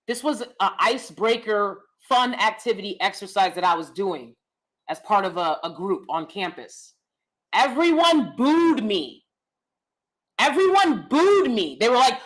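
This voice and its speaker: A woman in her thirties hosting a casual commentary stream, animated and emphatic, rambling with asides and reacting to chat. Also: high voice, normal speed, poor audio. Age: 30s. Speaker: commentary channel host.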